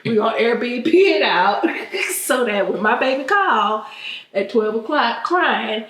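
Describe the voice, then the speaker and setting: A lively woman in her thirties from Texas tells stories with lots of laughter in a fairly high voice. She is at home, and the room gives a roomy echo. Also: slow. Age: 30s. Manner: animated, laughing storytelling. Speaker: vlogger host. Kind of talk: casual storytelling chat. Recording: echoey room.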